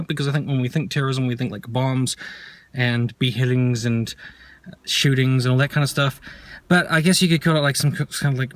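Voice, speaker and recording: A man's voice: mid-range voice, a bit bright. A man ranting heatedly in an opinion vlog, sarcastic and profane. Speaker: vlogger. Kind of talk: angry opinion rant.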